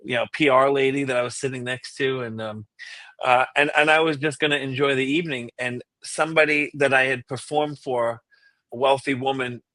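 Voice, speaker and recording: Bright-voiced tenor man telling a story. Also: mid-range voice, a little fast, no echo. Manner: animated storyteller who acts out quotes. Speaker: guest, classical tenor singer. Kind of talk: casual anecdote on a podcast.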